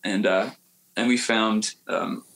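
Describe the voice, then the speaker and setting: A man's voice: on the low side, steady tone, slow pace, gravelly, a bit bright, low-quality recording. Man, podcast guest, loose rambling talk, stops and restarts a lot, easygoing chat. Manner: rambling, hesitant storyteller with many restarts. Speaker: guest singer-songwriter. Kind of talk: casual podcast conversation. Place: home area near the coast.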